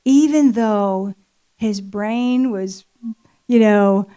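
A woman's voice: mid-range voice, drawn-out words, warm tone, clear, resonant tone. A middle-aged woman telling a personal story at a church marriage event, chatty and full of fillers. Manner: conversational storytelling with many fillers. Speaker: speaker at marriage ministry event. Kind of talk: personal testimony sermon.

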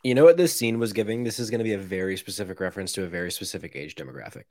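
A man's voice: low-pitched, lively intonation, racing, a little mellow. A man co-hosting a podcast, wry and hesitant, often restarting his sentences. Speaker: podcast co-host. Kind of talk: casual podcast banter.

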